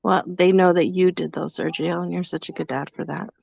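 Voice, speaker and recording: A woman's voice: fairly low pitch, fairly even intonation, a little fast, gravelly, a little mellow, husky. Teasing woman co-host, dull audio. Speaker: podcast co-host. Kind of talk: casual live podcast chat.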